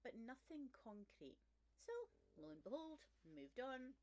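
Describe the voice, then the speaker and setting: A woman's voice: fairly high pitch, sing-song, a little slow, a little mellow, slight background noise, low-quality recording. Frank, chatty woman in her sixties. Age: 60s. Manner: frank and candid, chatty with self-deprecating humour. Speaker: vlog host. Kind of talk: personal testimony monologue.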